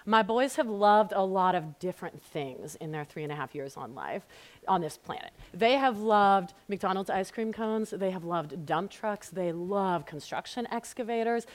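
A woman in her thirties teaching a women's Bible study, telling family stories in an earnest, storytelling way and praying in a hushed voice. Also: medium pitch. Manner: warm, storytelling, earnest, softening to a hushed prayer. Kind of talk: women's ministry teaching talk. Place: church women's gathering, live audience.

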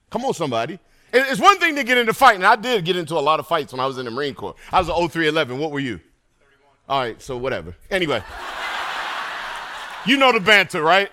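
A middle-aged man preaching a sermon to a congregation, animated and energetic, calling out to the crowd between points. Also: a little high, quick pace, long pauses. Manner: animated preaching with call-and-response asides. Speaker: pastor.

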